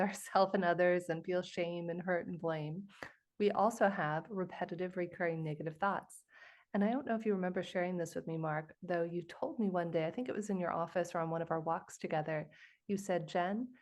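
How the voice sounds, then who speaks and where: A woman's voice: fairly low pitch, brisk, darkish tone. A woman hosting a podcast, speaking earnestly and enthusiastically to her guest. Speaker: podcast host. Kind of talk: conversational podcast interview.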